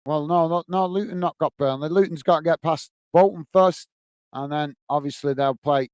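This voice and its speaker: A man's voice: on the high side, normal speed, darkish tone, clean tone, no echo. A man hosting a live football watch-along, chatting casually, reading out viewer comments and thanking them by name, easily frustrated. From England. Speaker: football channel host.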